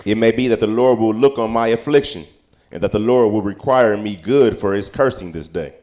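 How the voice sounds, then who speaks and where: A man reading old-style Bible verses aloud at a steady pace, now and then stumbling over a word. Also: on the low side, a little fast. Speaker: scripture reader.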